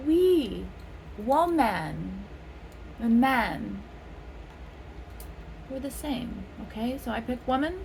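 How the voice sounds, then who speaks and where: A woman's voice: a little high, slight background noise. A middle-aged woman from California giving a casual tarot reading, playful and rambling with frequent laughs. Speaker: tarot reader.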